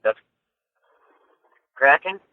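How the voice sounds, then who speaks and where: A man who is a guest on a podcast, answering bluntly and scoffing at names he doubts. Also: extremely slow. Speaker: guest researcher. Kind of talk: casual interview chat. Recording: tinny phone-line sound.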